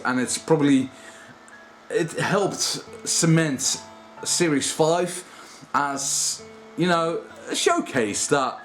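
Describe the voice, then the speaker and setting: A man in his thirties giving a casual spoken review, animated and self-deprecating, laughing often. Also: a little high. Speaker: video reviewer.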